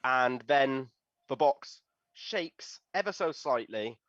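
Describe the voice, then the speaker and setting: A man's voice: mid-range voice, animated, slow pace, a bit bright, no echo. Man narrating a tabletop game. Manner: descriptive, with occasional hesitations. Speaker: game master. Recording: dull, slightly lo-fi sound.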